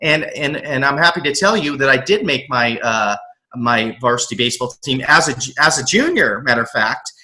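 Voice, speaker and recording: A middle-aged man from the US West Coast, a motivational coach, telling his life story in a casual interview, earnest and animated, often restarting and repeating words. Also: mid-range voice, normal speed. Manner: earnest, animated, acts out his own past thoughts. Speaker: motivational coach, podcast guest.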